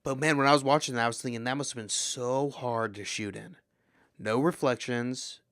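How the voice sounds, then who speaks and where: A man co-hosting a podcast, reviewing a movie in an excitable, rambling, profane way. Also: medium pitch, normal speed, no room sound, studio quality. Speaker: podcast co-host. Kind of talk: casual movie review chat.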